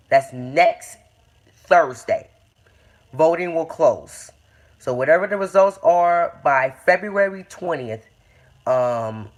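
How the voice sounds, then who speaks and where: A young man giving a rambling casual update on his video series, full of fillers and restarts. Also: medium pitch. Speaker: YouTube game-series creator.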